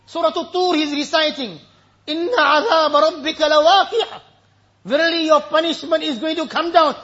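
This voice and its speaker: A man's voice: very high voice, very fast, bright, forceful tone, highs cut off. A man preaching a sermon with emotion, telling stories and reciting Arabic verses.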